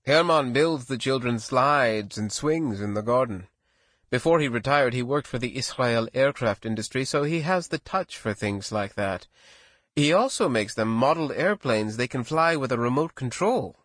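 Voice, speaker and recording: A man reading a novel aloud in first person, with even, measured storytelling. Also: mid-range voice, no room sound. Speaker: audiobook narrator. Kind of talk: scripted first-person narration.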